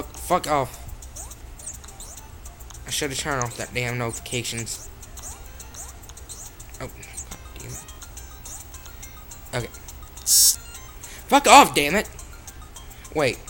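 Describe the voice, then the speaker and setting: A man's voice: on the high side, bright, forceful tone. A man playing a phone game, swearing constantly as he comments, with sudden frustrated outbursts, recorded on the phone's own mic. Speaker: mobile gamer. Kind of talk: profane let's-play commentary.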